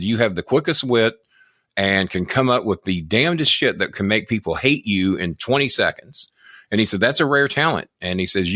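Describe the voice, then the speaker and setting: A man's voice: lowish voice, bright, forceful tone, no echo, clean studio sound. An older American man, a podcast guest, telling long boastful and profane stories in casual chat. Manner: profane, boastful, rambling anecdotes. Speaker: podcast guest, former wrestling manager.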